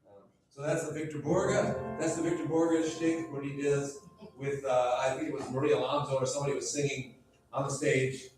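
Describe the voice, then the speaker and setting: A man's voice: medium pitch, little pitch movement, normal speed, recorded from a distance. A man directing a church choir rehearsal, chatting, telling anecdotes and counting the singers in. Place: church rehearsal room, large and echoey. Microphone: far from the recording mic. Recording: echoey room recorded from afar, piano. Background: piano and choir singing.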